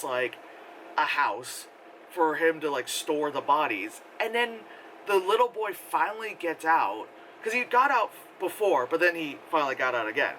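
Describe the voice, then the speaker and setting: A man with a bright, forceful, fairly high voice rambles through a casual movie review, sarcastic and loose, full of fillers. He is recorded outdoors with faint wind noise. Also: low-quality recording.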